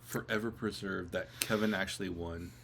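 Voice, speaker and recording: A man co-hosting a casual chat while he has the hiccups, talking in a halting, apologetic way with many restarts. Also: low-pitched, fairly even intonation, gravelly, fairly bright tone, a little hiss or hum. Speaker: co-host.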